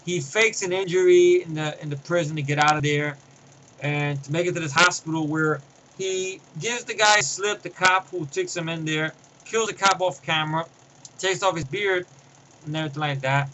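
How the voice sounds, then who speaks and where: A man's voice: a little high, normal speed, sharp tone, a little hiss or hum, poor audio. A man giving a casual spoken movie review, rambling through scene recaps with fillers and restarts.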